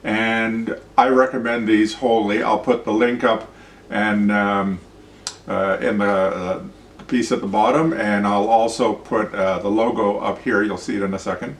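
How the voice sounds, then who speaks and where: A man's voice: on the low side, steady tone, unhurried, slight background noise. A man hosting an opinion vlog, talking bluntly with a ranting, profane manner. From Canada. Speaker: show host. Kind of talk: opinion vlog monologue and demonstration. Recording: roomy sound, mic at a distance.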